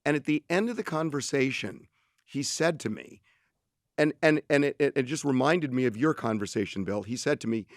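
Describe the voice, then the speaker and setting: Animated storytelling man in his sixties. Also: mid-range voice, brisk, dry recording, clean studio sound. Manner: animated storyteller, quotes others. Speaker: co-host. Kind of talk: storytelling in a talk show.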